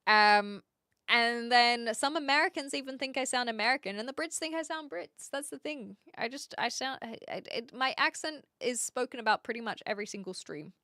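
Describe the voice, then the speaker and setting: On her livestream, a chatty Australian woman reads viewers' comments aloud and answers them, laughing often in casual conversation. Her voice is a little high, bright and forceful, expressive at normal speed, with studio quality and no room sound.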